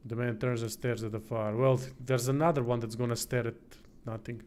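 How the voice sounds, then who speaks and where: A man's voice: mid-range voice, fairly even intonation, a little fast, few pauses, darkish tone, a little hiss or hum. A tired man streaming, casually reading a text game aloud, swearing now and then and stumbling over words. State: tired, yawning.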